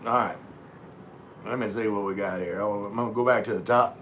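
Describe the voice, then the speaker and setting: A man hosting a relaxed livestream, rambling in a folksy way while eating and chatting to viewers. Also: fairly low pitch, fairly quick, a little hiss or hum. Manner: laid-back, rambling, talks with mouth full; folksy, calls himself country. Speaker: vlogger hosting a live stream.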